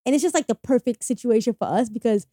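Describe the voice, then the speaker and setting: Fast-talking animated young woman storyteller. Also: a little high, no room sound, studio quality. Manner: animated, swears freely, acts out quotes. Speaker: guest. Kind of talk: casual storytelling.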